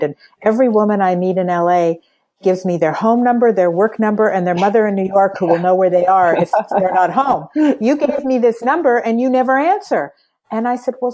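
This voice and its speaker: In a relaxed podcast interview, an older spiritual coach shares a story from her life, animatedly performing the lines she quotes. She speaks in a mid-range voice over poor audio.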